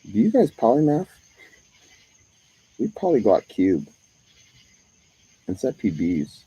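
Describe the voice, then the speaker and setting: A man's voice: lowish voice, wildly swooping pitch, slow, dark tone, husky, dry recording, lo-fi sound. A man streaming live, talking in a profane monologue that jumps from one topic to the next.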